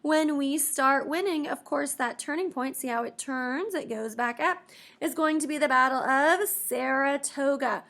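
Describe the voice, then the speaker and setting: A woman teacher giving a lively history lesson to her students, expressive and playful with asides. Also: high-pitched, a little slow.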